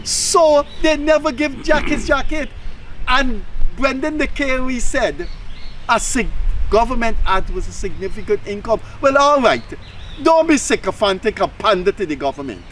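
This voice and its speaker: A man's voice: high-pitched, fairly bright tone, slight background noise. A man with a Guyanese accent hosting a casual political talk show, talking bluntly and scolding, acting out the voices he quotes. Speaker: host.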